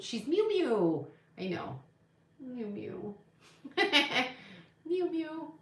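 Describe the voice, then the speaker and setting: A woman hosting a casual livestream, chatting in an opinionated, gossipy way while she reads viewer comments. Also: mid-range voice. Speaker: psychic livestream host. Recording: echoey room.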